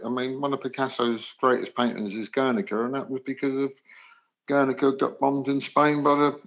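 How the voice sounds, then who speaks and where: A man from England, a guest musician in his sixties, telling animated anecdotes in an interview. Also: medium pitch, low-quality recording. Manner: animated anecdotes, acts out dialogue. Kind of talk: storytelling interview.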